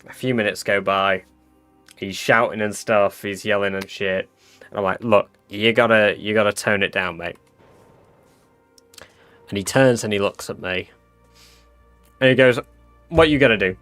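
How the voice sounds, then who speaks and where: Chatty man with a bright voice. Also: on the low side, steady tone, a little slow, long pauses, smooth, no echo, faint music behind. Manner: chatty, swearing, filler-heavy. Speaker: streamer. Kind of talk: casual storytelling to a live stream.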